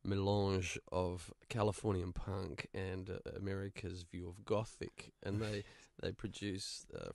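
A man's voice: low-pitched, vocal fry, no echo. A man in a casual podcast interview, rambling wryly and chuckling as he talks. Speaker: musician guest.

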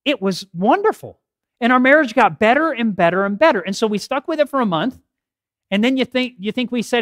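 A middle-aged man giving a health talk at a church podium, telling stories with lively acted quotes. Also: extremely high pitch, fairly quick, no echo, clean studio sound. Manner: animated storytelling with acted quotes. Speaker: health seminar speaker. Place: church hall. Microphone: podium mic.

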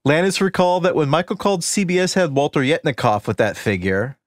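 A man's voice: fairly high pitch, big pitch swings, fast, no echo, studio quality. A man co-hosting a podcast, reading out notes in a wry, conversational way. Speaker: podcast co-host. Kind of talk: casual chat, reading notes.

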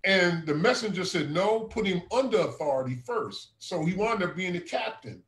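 A man's voice: high-pitched, lively intonation, normal speed, a bit bright, roomy sound, low-quality recording. A man who serves as a regional minister, earnestly telling a personal testimony in a conversational way and often calling his listener brother. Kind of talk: testimony storytelling.

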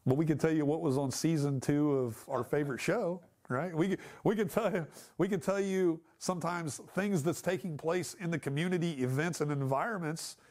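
A man's voice: a little high, moderate pace, few pauses, darkish tone. Emphatic man teaching a Bible class. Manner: conversational and emphatic, asks the class questions.

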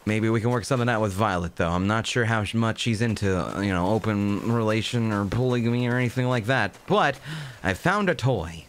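A man's voice: lowish voice, a little fast, a little hiss or hum. A man giving playful, joking commentary while playing a game. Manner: joking, playful, muttered asides. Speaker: let's play host. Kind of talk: casual gameplay commentary.

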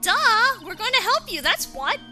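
A woman voicing a bubbly, excitable teenage girl who trains as a spirit medium, reading game dialogue aloud. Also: very high-pitched, fairly quick, pitched above the performer's own voice, heavily acted. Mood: eager. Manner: excitable and chirpy. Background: game music.

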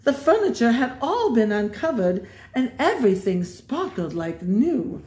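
A woman reading a storybook aloud, unhurried and expressive, her voice rising and falling a lot. She drops in wry asides as she reads. The recording sounds roomy and echoey. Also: fairly high pitch.

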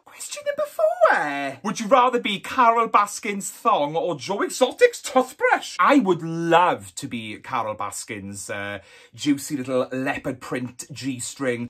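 A man's voice: mid-range voice, pushed and bright. A flamboyant Welsh man in his twenties chats through a Q&A vlog. His voice leaps all over the place with camp, sassy energy, and he swears freely. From Wales. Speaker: YouTuber. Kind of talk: casual Q&A vlog.

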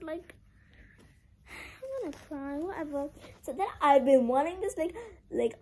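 A woman's voice: sits high, sing-song, moderate pace, darkish tone, rough recording. A young girl doing a casual clothing-haul vlog, chatty and full of "like", making a drama of her disappointment. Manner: chatty, heavy use of "like", dramatic about being sad. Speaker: vlogger.

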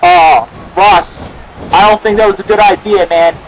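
A young man giving excitable amateur play-by-play commentary on a wrestling match, often shouting exclamations. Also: high voice, unhurried. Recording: noisy amateur video with crowd.

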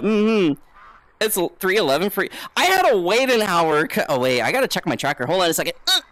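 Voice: medium pitch, very animated, normal speed, fairly bright tone, no room sound, poor audio. A streamer chatting casually and hyperactively on a live VR stream, swearing freely. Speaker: VTuber streamer. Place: home setup, playing VR. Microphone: VR headset setup.

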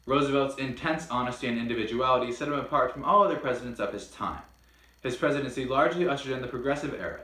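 A man's voice: mid-range voice, a bit bright. Playful man hosting a history lesson. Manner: playful, with mock-dramatic outbursts. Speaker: history video host. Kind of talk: scripted history lesson with jokes. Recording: roomy echo.

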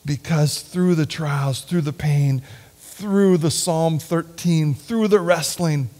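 A man preaching a sermon and leading a prayer in a church, earnest and heartfelt, sometimes sinking to a hushed whisper. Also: fairly high pitch, takes it slowly. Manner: earnest, drops to a hushed whisper at tender points. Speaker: lay preacher. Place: church sanctuary.

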